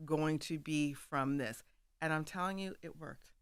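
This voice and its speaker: A woman guest on a radio studio show, telling stories with animated energy and laughing often as she acts out bits of dialogue. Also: sits low, a little slow, clear, resonant tone, no room sound. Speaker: guest author. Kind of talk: candid storytelling in conversation.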